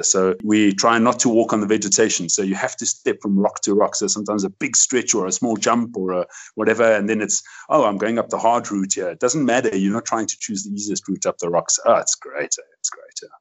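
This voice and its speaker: A man's voice: fairly low pitch, steady tone, fairly quick, low-quality recording. A man hosting a podcast interview, talking in an effusive, rambling way. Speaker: podcast host. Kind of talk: casual interview chat.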